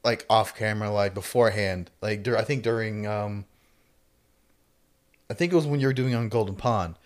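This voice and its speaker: Male podcast co-host, lowish voice, casual chat that rambles and restarts. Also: moderate pace. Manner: chatty, rambling explanations with many restarts. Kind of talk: casual chat about acting.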